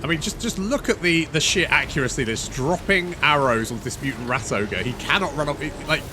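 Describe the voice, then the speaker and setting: A man's voice: on the high side, brisk, noisy background. A man giving casual, wry commentary over a strategy game, swearing freely and chatting to his units. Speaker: gaming channel host.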